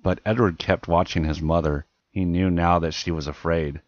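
A man reading a children's novel aloud as an audiobook narrator, with steady, measured storytelling. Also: low voice, no echo, muffled recording. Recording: music playing behind the reading.

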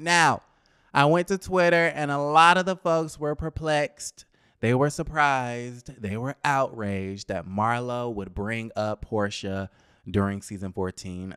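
A man's voice: mid-range voice, a bit bright, smooth, no room sound, studio quality. A young man giving sassy, chatty gossip commentary on a reality show, talking straight to his viewers.

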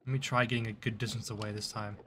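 A man's voice: fairly low pitch, little pitch movement, fast, fairly bright tone, a little hiss or hum. A man giving live gameplay commentary, chatting to the creatures on screen and breaking into startled outbursts. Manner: chatty, talks to game mobs, frequent startled outbursts. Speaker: gaming YouTuber.

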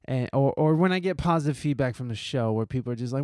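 A man's voice: mid-range voice, fairly even intonation, fast talker, a little mellow, smooth, dry recording. A man hosting a podcast, giving a heartfelt, profane, rambling monologue full of restarts. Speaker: podcast host.

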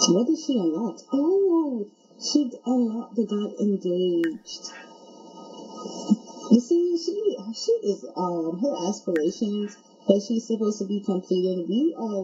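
A woman giving casual let's-play commentary, chatty and excitable, talking straight to her viewers. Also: medium pitch, slightly rough, lo-fi sound. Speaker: game streamer.

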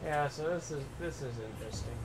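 A blunt, sarcastic man who swears freely in a casual chat. His voice sits a little high. Loud background noise runs under everything he says. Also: quick pace, far from the mic. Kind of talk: casual chat over gameplay.

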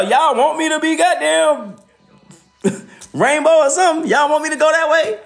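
A man's voice: very high voice, normal speed, gravelly, faint music behind. A man ranting casually on a livestream, profane and laughing often.

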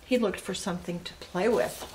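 Over a noisy background, an older woman reads picture books to her grandchildren, telling the stories with animation and slipping in asides to them. Her voice is mid-range and her pace moderate.

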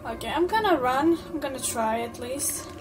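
A woman's voice: high-pitched, animated, moderate pace, distant mic, over music. A young woman commenting on a horror game she plays, jumpy and frightened, with sudden exclamations and swearing. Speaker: gameplay streamer.

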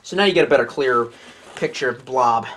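A man's voice: mid-range voice, quick pace, fairly bright tone, slight background noise. A man in his late twenties casually reviewing outdoor gear, rambling with jokes and offhand swearing. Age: late 20s.

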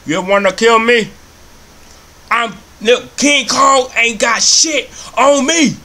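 A man voicing a swaggering, chest-beating tough male cockroach in a comedy bit, boasting and shouting challenges. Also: extremely high pitch, slow pace, voice pushed up, heavily acted. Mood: boastful.

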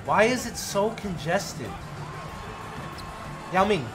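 A young man streaming a basketball video game, frustrated and foul-mouthed. His voice sits high and jumps all over the place, from low grumbles to sudden shouts. Game music plays clearly behind him. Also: lively intonation, takes it slowly. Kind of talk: live gameplay commentary.

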